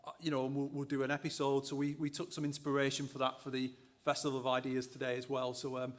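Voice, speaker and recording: A man's voice: mid-range voice, completely flat delivery, fast. A man co-hosting a live university show, chatty and loose, with lots of fillers and restarts. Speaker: co-host, associate dean.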